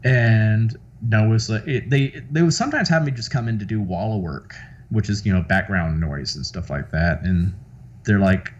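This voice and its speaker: A man's voice: fairly low pitch, normal speed, lo-fi sound. A man from the American South with a light Southern accent, a guest actor chatting casually in an interview, rambling with lots of fillers and restarts.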